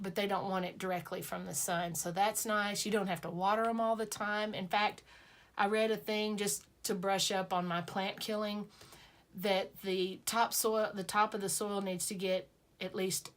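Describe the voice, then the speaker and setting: A woman chatting playfully to her viewers, full of self-mocking asides. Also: medium pitch. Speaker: sewing vlogger. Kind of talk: casual chat to camera.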